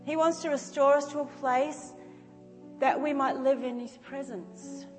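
A woman's voice: high-pitched, unhurried, over music. A woman preaching a conversational sermon, acting out little scenes as she talks. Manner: conversational, animated, acts out scenes. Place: church hall. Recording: reverberant hall.

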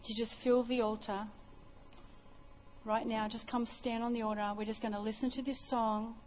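A woman's voice: fairly high pitch, flat delivery, normal speed, highs cut off, a little hiss or hum. A woman preacher giving an impassioned sermon and testimony at a church service, often repeating her phrases.

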